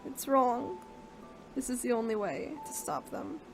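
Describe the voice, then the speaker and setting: A woman voicing a hopeless young man who speaks quietly and with resignation, reading a visual novel aloud. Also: fairly high pitch, sing-song, unhurried, faint music behind. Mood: sorrowful.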